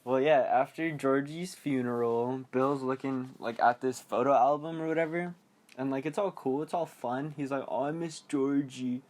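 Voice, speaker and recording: A man's voice: medium pitch, normal speed, a little mellow. A young man hosting a podcast, casually recapping a horror movie in a rambling, giggly way and acting out the characters' lines. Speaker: podcast host.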